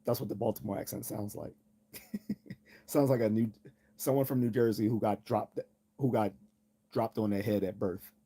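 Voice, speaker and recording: Mellow-voiced man ranting and laughing. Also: on the low side, steady tone, moderate pace, long pauses, slightly rough. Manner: rambling and profane, laughing often at his own jokes. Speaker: livestream host. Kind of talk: casual livestream rant.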